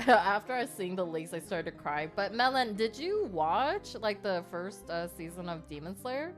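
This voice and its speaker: A woman's voice: medium pitch, sing-song, moderate pace, faint music behind. A woman co-hosting a casual podcast chat, rambling with many fillers and laughing often. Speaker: podcast co-host.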